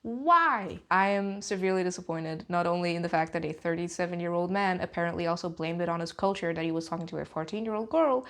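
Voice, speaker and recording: A woman vlogger giving heated, sweary commentary, with sharp jumps in pitch and nervous laughs between points. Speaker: YouTube commentator. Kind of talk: heated ranting vlog commentary.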